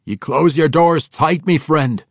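A man voicing a proud, gruff old dwarf king with a rough folksy brogue. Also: on the high side, a little slow, no echo, studio quality, pitched above the performer's own voice. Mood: firm.

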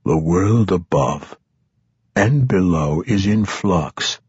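A male narrator reads a fantasy audiobook slowly and expressively, with a lively, rising and falling delivery. His lowish voice is very husky. The recording is dry and dull, with a lo-fi sound. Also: dry recording. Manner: measured, expressive storytelling.

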